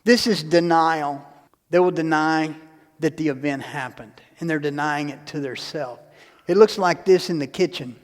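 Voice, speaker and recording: A man's voice: a little high, moderate pace. A man giving a parish mission talk in a church, folksy and acting out little everyday scenes as he explains. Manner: folksy, acts out little scenes in different voices. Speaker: lay speaker at parish mission. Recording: long hall reverb.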